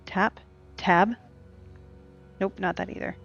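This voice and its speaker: Gravelly woman chatting through a cozy game. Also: mid-range voice, fairly even intonation, slow pace, fairly bright tone. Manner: chatty and rambling, talking to the game and to her dog. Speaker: streamer playing a cozy game. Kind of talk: casual gameplay chat. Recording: dull lo-fi stream audio with faint game music.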